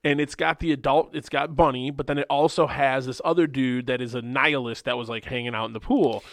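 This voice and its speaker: A man's voice: mid-range voice, fairly even intonation, fairly quick, dry recording. A man co-hosting a podcast, casually retelling movie scenes in a loose, rambling way full of "like" and restarts. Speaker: podcast co-host. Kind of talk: casual movie review chat.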